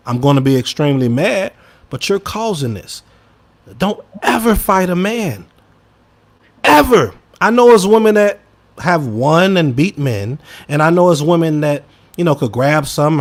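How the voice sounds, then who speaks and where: An emphatic man from Chicago co-hosts a podcast and gives casual opinion commentary. His delivery veers between loud bursts and low mutters, and he speaks directly to his audience, saying y'all.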